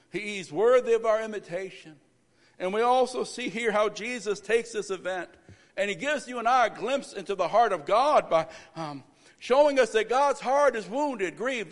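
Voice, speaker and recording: A man pastoring a church service, praying and preaching a sermon that builds to loud, emphatic stretches. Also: high voice. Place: church sanctuary. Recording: reverberant church hall.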